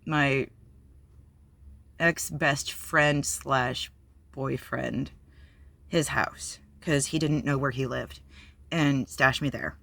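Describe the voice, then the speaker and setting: A woman's voice: rumbling low, very slow, vocal fry, long pauses, fairly bright tone, no echo. A woman candidly telling a personal story on her vlog, blunt and profane, with many fillers. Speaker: vlogger.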